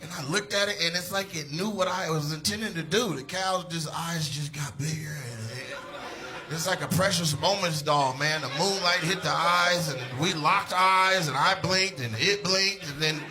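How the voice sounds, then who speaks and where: A male stand-up comedian with a fairly high voice tells a wild story on stage. He is loud and animated, laughs through his punchlines and swears freely. Music plays clearly behind him. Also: normal speed. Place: comedy stage with a live audience.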